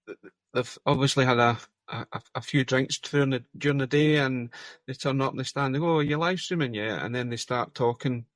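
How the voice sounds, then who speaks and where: A man's voice: medium pitch, little pitch movement, a little fast, fairly bright tone, no echo. Hesitant man in casual chat. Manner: hesitant, restarts, laughs. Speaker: podcast co-host.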